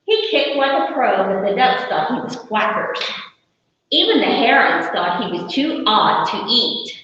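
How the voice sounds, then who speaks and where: A librarian reading a picture book aloud to children, animated and playful, her voice climbing and dipping with each line. She reads slowly and clearly. The sound is distant, dull and boomy in a large echoing room. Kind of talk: storytime read-aloud. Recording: far-off echoey hall, muffled.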